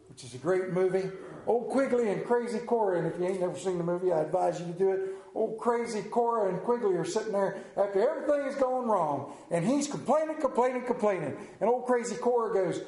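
A pastor giving a sermon, talking candidly in a folksy storytelling way, recorded in a church. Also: male voice, sits high, animated, moderate pace, darkish tone, echoey room.

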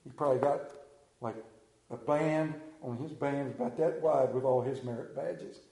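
A man preaching a sermon as pastor, conversational and joking, often dropping to a hushed voice. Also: mid-range voice, moderate pace. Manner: humorous, conversational preaching with sudden hushed drops. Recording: roomy church echo.

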